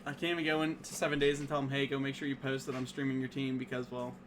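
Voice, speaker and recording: A man casting a live esports match with rapid play-by-play and bursts of excitement on big plays. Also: medium pitch, slight background noise. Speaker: esports caster.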